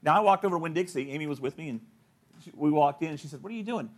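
This middle-aged male pastor talks rapid-fire in a somewhat high voice. Through his sermon he relates stories, voices the people he quotes, and often laughs along with his own remarks.

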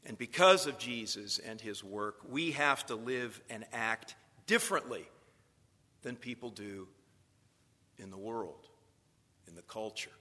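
A man's voice: on the low side, lively intonation, measured pace, pauses often, bright, forceful tone, big-room sound. A man lecturing future preachers in a sermon style, telling stories and building to emphatic points.

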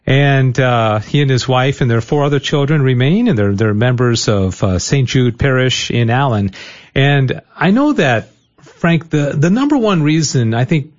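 Halting male interview host. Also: mid-range voice, expressive, dull audio. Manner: halting questions with many restarts. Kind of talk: conversational interview.

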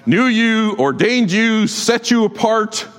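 A man preaching a sermon as a pastor, emphatic and exhorting his congregation with quick asides. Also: high-pitched, animated, a bit bright. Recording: long hall reverb.

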